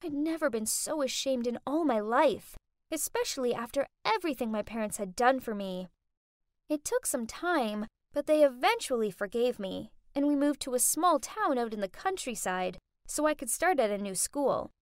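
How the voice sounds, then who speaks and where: Expressive woman narrating a dramatic story. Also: high-pitched, moderate pace, no echo, studio quality. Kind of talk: scripted first-person narration.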